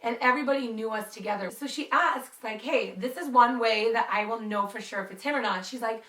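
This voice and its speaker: Brief: young woman vlogger, storytime chat, high-ish voice, a bit off-mic in a roomy space. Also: brisk, few pauses, distant mic. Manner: chatty, animated, lots of "like". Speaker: YouTuber telling a story. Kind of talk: casual storytime vlog.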